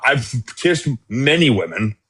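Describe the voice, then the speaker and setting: Man caller, defensive, rambling, stammering, mid pitch. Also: big pitch swings, measured pace, bright, forceful tone, breathy edge. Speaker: caller in a debate. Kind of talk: casual live debate.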